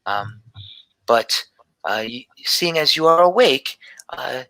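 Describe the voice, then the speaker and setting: A man's voice: medium pitch, animated, slow pace, sharp tone, no room sound, heavily acted, rough recording. A man voicing a distracted scholarly father who hesitates and speaks formally in a tabletop game. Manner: hesitant, absent-minded, formal.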